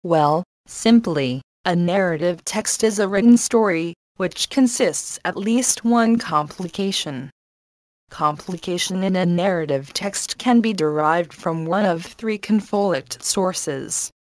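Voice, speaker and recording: A woman teacher reading an English lesson and a story aloud, slowly and carefully. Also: lowish voice, a little mellow, no room sound. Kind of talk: scripted lesson narration.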